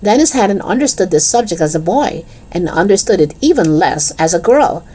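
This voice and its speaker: A woman reading a children's chapter book aloud in an expressive, lively storytelling manner. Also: fairly low pitch, moderate pace, slightly rough.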